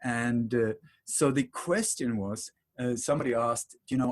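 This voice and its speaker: Rambling, animated man as podcast guest. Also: mid-range voice, measured pace. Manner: rambling, animated storytelling with emphatic repetitions. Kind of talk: conversational interview.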